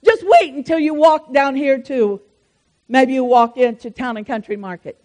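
A woman pastor preaches in a high, ringing voice. She moves fervently between loud declarations and hushed asides, speaking directly to her congregation. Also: moderate pace. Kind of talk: sermon.

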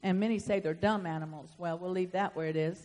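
A woman pastor preaching a sermon, swinging from soft asides to loud emphatic swells. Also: fairly low pitch, steady tone, quick pace. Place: church sanctuary. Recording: long hall reverb.

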